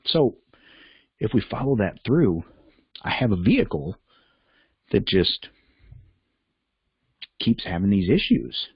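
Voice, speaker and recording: A man's voice: lowish voice, big pitch swings, slow, long pauses, breathy edge, dry recording, dull audio. A man hosting a reflective self-help talk, candid and conversational, thinking aloud as he goes. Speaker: podcast host and life coach.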